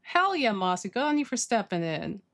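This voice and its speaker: A woman livestreaming, chatting casually with her viewers, gushing and excitable as she reads chat. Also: medium pitch, normal speed. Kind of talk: casual stream chat, reading chat.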